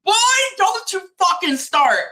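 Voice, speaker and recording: High, bright-voiced woman preaching a mocking rant. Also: animated, unhurried. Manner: preachy, mocking, laughs and swears often. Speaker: streamer. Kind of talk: impassioned religious rant.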